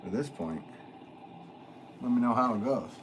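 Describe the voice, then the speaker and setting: A potter streaming live chats with his viewers while he works, his mid-range voice animated and his speed normal. He's playful, jokes around and answers the chat, with slight background noise audible.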